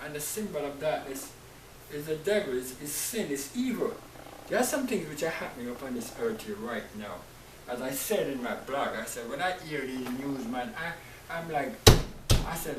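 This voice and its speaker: A man preaching a sermon with fervor, repeating phrases and swinging between hushed lines and loud cries. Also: medium pitch, expressive, normal speed. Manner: impassioned, repetitive, swings from hushed to shouting. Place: room, streamed service. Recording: roomy sound from a distance with faint noise.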